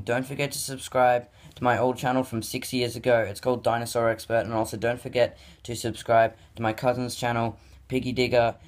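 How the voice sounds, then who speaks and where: A man, talking casually in a vlog, rambling with lots of filler words and restarts and gushing exclamations. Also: mid-range voice. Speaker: YouTuber reacting to his childhood videos.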